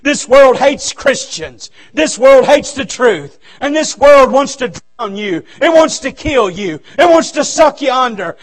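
A male revival preacher, his voice pitched very high for a man. He preaches in a fervent, folksy way and breaks into shouts, from a church sanctuary. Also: lively intonation, a little slow, hardly any pauses. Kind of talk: revival sermon.

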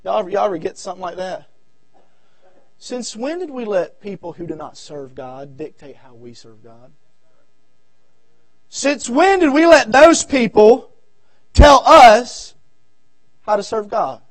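A man with a Southern American accent preaching a revival sermon, swinging from shouted appeals to low murmurs and repeating his phrases. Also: lively intonation, measured pace, long pauses, no room sound. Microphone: audio recording of a church service.

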